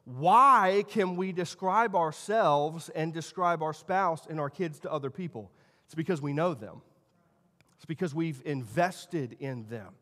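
A man in his thirties preaching a sermon as pastor, telling stories and shifting between quiet asides and loud emphasis. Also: on the high side, measured pace. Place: church sanctuary. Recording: long church hall reverb.

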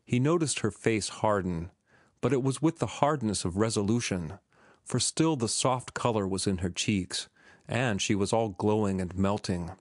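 A man narrating a classic novel as an audiobook, with a steady, even reading. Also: fairly low pitch, moderate pace, no echo, clean studio sound.

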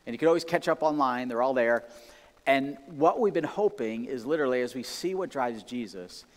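Animated preacher in an echoing hall. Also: male voice, mid-range voice, a little fast. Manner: animated, conversational, many restarts and acted-out exclamations. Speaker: pastor. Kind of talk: sermon. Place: church sanctuary.

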